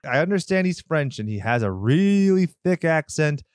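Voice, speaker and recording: A man's voice: on the high side, big pitch swings, moderate pace, darkish tone, clean tone, no room sound. A man co-hosting a horror movie podcast, talking in a sarcastic, joking way and swearing freely. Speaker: podcast co-host. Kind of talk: casual movie review banter.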